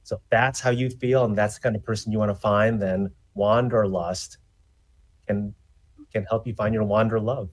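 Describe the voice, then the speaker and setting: A man's voice: steady tone, normal speed, natural voice. A man voicing an eager young male dating-show contestant giving a promo, over a video call. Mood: earnest. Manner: wordy, hesitant pitch.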